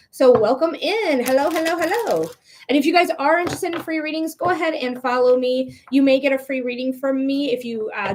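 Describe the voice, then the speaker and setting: A woman's voice: fairly high pitch, a little mellow, a little hiss or hum. Chatty encouraging woman reading tarot live. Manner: encouraging, chatty, addresses viewers by name. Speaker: psychic reader.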